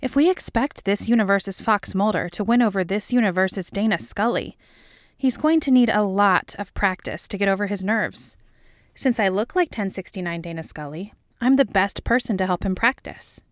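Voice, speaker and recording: A woman reading the lines of a composed female federal agent in a fan fiction audiobook, brisk and matter-of-fact with a light amused edge. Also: medium pitch, dry recording, studio quality, natural voice.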